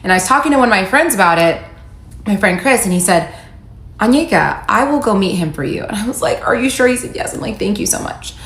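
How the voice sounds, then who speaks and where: A woman's voice: medium pitch, animated, fast, a bit bright. Wry woman telling her story, echoey room. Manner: candid, wry, quoting texts in her own voice. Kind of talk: casual storytelling to camera. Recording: echoey room with faint background noise.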